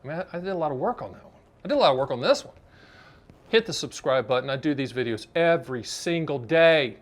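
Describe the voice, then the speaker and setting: A man's voice: a little high, animated, quick pace. Joking man hosting a finance vlog. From Southern United States. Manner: jokey, chatty, salesy, addresses the viewer directly. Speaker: annuity advisor and show host. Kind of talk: direct-to-camera explainer vlog.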